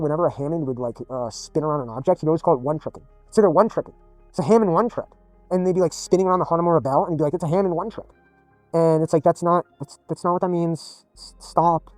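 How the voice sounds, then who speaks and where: A man's voice: medium pitch, mellow, dry recording. A man telling a rambling personal story in blunt, profane, casual speech as a gaming video creator.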